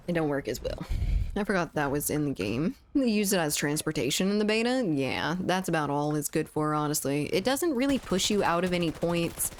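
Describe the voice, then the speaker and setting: A young woman with a notably low voice talks loosely to her viewers while she plays, answering chat and tossing in casual swears. A faint hum of noise sits under her close mic. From United States. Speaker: streamer. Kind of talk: casual gaming livestream chat.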